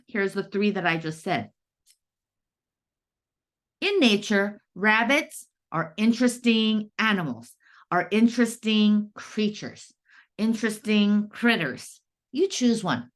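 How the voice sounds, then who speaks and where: A woman teaching first graders to write, her voice swooping up and down in a patient sing-song. She stretches key words out slowly and checks in with the class often. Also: mid-range voice. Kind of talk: classroom writing lesson.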